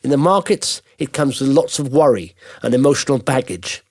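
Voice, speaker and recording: A man's voice: medium pitch, expressive, moderate pace, breathy edge. A man hosting a podcast, giving an emphatic casual monologue with rhetorical questions. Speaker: podcast host.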